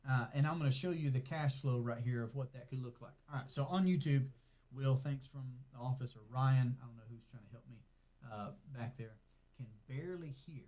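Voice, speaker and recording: A casual Southern man from North Carolina, a financial coach, runs a live Q&A from his office in a mid-pitched, mellow voice that moves a little fast. Chatty and easygoing, he reads viewer comments aloud and tags lines with "okay?" A clip-on mic gets added partway through.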